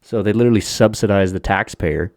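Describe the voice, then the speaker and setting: Ranting low-voiced man, dry close mic. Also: brisk, darkish tone, no echo. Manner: profane, ranting, laughs often. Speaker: podcast co-host. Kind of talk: casual podcast chat.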